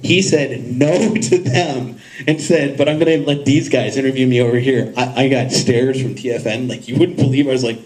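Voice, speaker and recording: Man telling an animated panel story. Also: mid-range voice, moderate pace, low-quality recording. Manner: animated, acts out voices in his anecdotes, laughs often. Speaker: podcast host on a convention panel. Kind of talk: casual storytelling to a panel audience.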